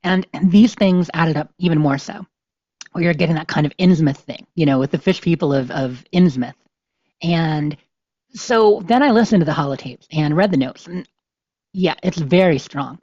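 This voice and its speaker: A woman's voice: low voice, normal speed, a little mellow, slightly rough, dry recording. A woman hosting a podcast in casual, rambling chat with many fillers, at times reading game notes aloud. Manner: rambling, lots of "you know" fillers. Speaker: podcast host. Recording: slightly dull, dry lo-fi sound.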